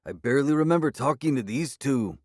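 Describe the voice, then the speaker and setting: A man's voice: on the low side, measured pace, a little mellow, no room sound, clean studio sound, close to an everyday voice. A man voicing a gaunt, furious male werewolf alpha with a growly, snarling delivery in an audiobook. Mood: desperate. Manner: snarling, hostile, defiant. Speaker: character voice in an audiobook.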